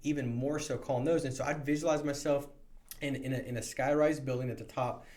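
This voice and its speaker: A man with a medium-pitched voice and brisk pace gives a motivational sales training talk to new insurance agents. He's energetic and conversational, often restarting his sentences.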